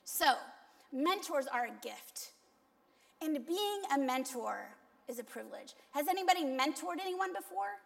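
A woman's voice: high-pitched, animated, a little slow, vocal fry. A woman pastor giving a conversational sermon, telling candid, self-deprecating stories. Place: church sanctuary. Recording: long echo of a large church hall.

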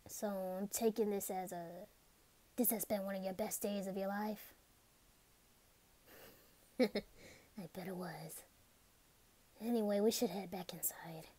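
A woman in a whispered role-play, speaking softly and hesitantly, often in a whisper. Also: mid-range voice, fairly even intonation, unhurried, long pauses. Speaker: ASMR role-play performer.

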